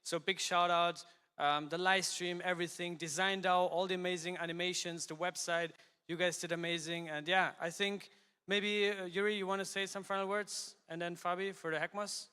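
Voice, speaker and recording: A man's voice: sits high, level tone, normal speed, bright, forceful tone, clean tone. A man giving casual closing thanks to a conference crowd and hyping them up. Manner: casual, hype-building with the crowd. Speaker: conference organizer on stage. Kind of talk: closing remarks to an audience. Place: large conference hall. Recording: hall reverb over a stage PA.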